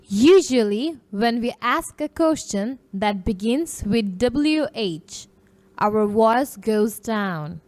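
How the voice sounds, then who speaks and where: A woman teacher reading a children's English lesson aloud, slowly and carefully, modelling phrases for pupils to repeat. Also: a little high, animated, darkish tone. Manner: slow, careful, clearly articulated drill reading.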